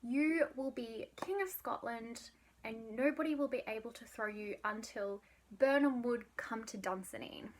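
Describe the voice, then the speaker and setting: A woman's voice: fairly high pitch, measured pace, a little hiss or hum, lightly acted. A woman putting on sly taunting witches. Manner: taunting, teasing. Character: sly scheming witches, female.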